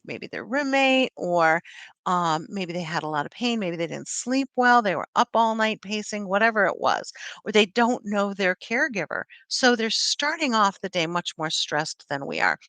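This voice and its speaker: Middle-aged woman teaching a class on dementia, bright punchy voice, lively, dry close sound. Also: mid-range voice, dry recording. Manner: lively, acts out scenes with voices. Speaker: dementia care educator. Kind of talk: lecture explaining a chart.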